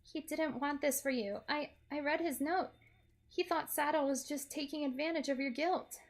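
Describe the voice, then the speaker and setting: A woman's voice: a little high, normal speed, vocal fry. A woman voicing a sarcastic, wisecracking young woman held hostage in a game. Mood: pleading. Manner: sarcastic, wry.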